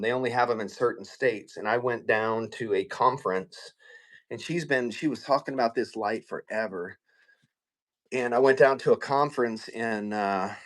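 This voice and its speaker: A middle-aged man on a live stream telling a story in casual chat, animated and full of profanity, often laughing. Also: mid-range voice.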